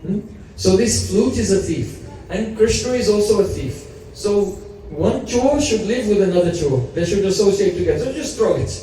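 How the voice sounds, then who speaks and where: A man's voice: sits high, expressive, moderate pace, dark tone, slight background noise. A man voicing a scornful young woman who insists her friend throw something away, heard in an echoey hall from afar. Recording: echoey hall, mic at a distance.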